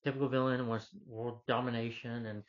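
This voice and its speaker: A man's voice: mid-range voice, flat delivery, a little fast. Blunt rambling man, lo-fi audio. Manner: blunt, rambling, repeats himself with filler yeahs. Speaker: movie reviewer. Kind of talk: unscripted rant review.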